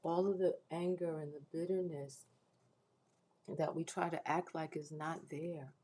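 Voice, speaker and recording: Low and warm, her voice holds a steady tone and an unhurried pace as she hosts a faith-based livestream. She appeals to viewers from the heart, earnest and preacherly, close to tears and repeatedly restarting her sentences. The recording is rough.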